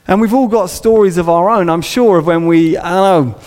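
A man's voice: high voice, a little fast, a little mellow. A man preaching a sermon in a church, conversational and humorous, acting out little scenes. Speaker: pastor. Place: church auditorium. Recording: long reverb of a large hall.

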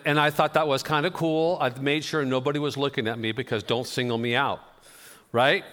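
A pastor preaching a sermon, telling conversational, self-deprecating stories. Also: male voice, on the high side, fairly bright tone. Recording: long reverb of a church hall.

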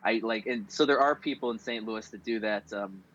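A man's voice: lowish voice, fairly quick, fairly bright tone, muffled recording. A man in casual chat, a playful, rambling storyteller who often restarts his sentences.

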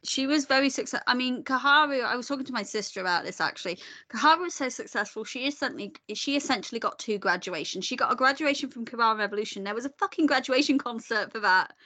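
A woman in casual, opinionated conversation, animated and swearing now and then. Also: fairly high pitch, quick pace, hardly any pauses. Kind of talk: casual chat.

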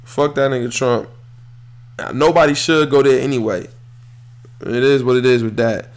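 A man's voice: medium pitch, moderate pace. A young man hosting a podcast, talking solo about sports in a loose, heated, profane way. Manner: animated, swears freely, heated rants. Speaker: podcast host. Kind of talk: casual solo sports talk.

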